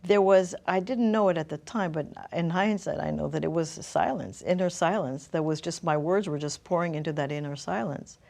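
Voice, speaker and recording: Woman, middle-aged, somewhat low voice, reflective interview storytelling, pauses to find words. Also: vocal fry, warm tone. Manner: thoughtful, searching for words. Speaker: interview guest, author.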